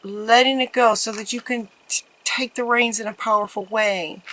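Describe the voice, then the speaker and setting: A woman giving a casual tarot reading to her viewers, gentle and encouraging, often repeating her phrases. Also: on the high side, steady tone, moderate pace, slight background noise, rough recording. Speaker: tarot reader.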